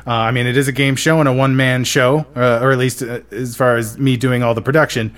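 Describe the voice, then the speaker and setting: A man hosting a casual podcast, excitable and rambling, with many fillers. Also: mid-range voice, fast talker. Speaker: podcast host.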